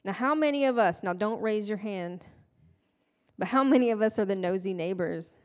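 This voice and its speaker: A woman's voice: mid-range voice, lively intonation, normal speed, darkish tone. A woman giving a casual, conversational sermon with playful, self-deprecating asides. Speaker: preacher. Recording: long hall reverb.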